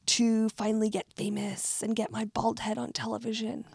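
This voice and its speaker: An old Australian man who has waited his whole life for fame, put on by a woman who cannot do accents. The accent wobbles and the voice stays a little high. The sound is dry and close. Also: monotone, moderate pace, vocal fry, darkish tone, breathy edge, no echo, heavily acted. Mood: boastful. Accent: weak attempt at Australian.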